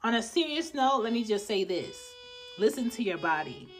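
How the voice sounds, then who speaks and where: A woman's voice: fairly high pitch, very animated, moderate pace, soft background music. A woman in her thirties hosting a podcast, giving life advice in a casual, blunt and profane way. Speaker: podcast host.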